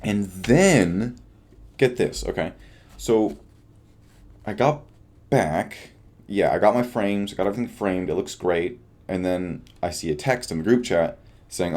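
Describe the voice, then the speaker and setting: This vlogger's voice is very deep and low, a young man recording a late-night video diary at an unhurried pace. Sounding tired and a little mellow, he wanders from thought to thought, pokes fun at himself, and lets sentences trail off with an audible shrug.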